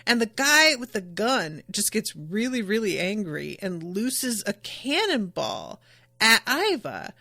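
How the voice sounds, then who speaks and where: Unhurried woman recapping a show. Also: mid-range voice, big pitch swings, bright, forceful tone, no echo. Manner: chatty, enthusiastic, many fillers. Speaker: podcast host. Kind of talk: recapping an anime episode.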